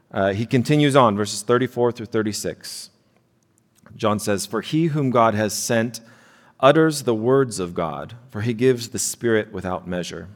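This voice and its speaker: A man preaching a sermon in a conversational way, often checking in with his listeners with a quick "right?". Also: on the low side, long reverb tail. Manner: conversational preaching, frequent "right?" tag questions. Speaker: pastor.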